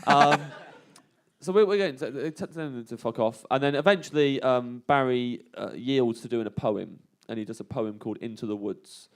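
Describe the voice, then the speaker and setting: A man, a comedian, telling a funny story in an animated way at a live stage show, laughing through his own tale. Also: medium pitch, moderate pace.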